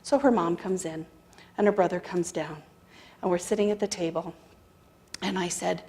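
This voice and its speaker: A woman's voice: lowish voice, normal speed, pauses often. A woman speaker at a spiritual center telling a personal story to a congregation, acting out the dialogue with wry laughter. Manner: animated storytelling with quoted dialogue. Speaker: guest speaker. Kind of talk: storytelling talk.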